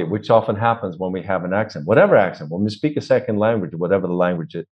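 A man's voice: low-pitched, fast talker, few pauses, dull audio. A man from Sweden with a Swedish accent, a vocal coach explaining voice technique in an interview and demonstrating sounds aloud.

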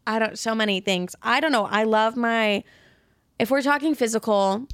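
A woman's voice: a little high, normal speed, fairly bright tone, clean tone, dry recording, clean studio sound. A young woman hosting a solo podcast, chatting candidly and profanely, a little out of breath. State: slightly out of breath. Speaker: podcast host. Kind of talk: casual solo podcast chat.

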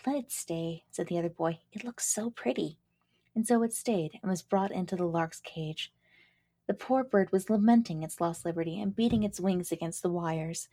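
A woman reading fairy tales aloud as a storybook narrator, in a gentle, measured storytelling manner on a close mic. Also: fairly low pitch, dry recording. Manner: gentle, measured storytelling with quick casual asides. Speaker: storybook reader and podcast host.

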